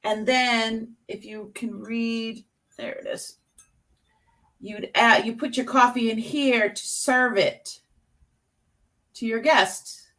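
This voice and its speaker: A woman presents vintage items on a live selling stream, chatty and detailed. She talks slowly in a somewhat high voice. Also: steady tone, a bit bright.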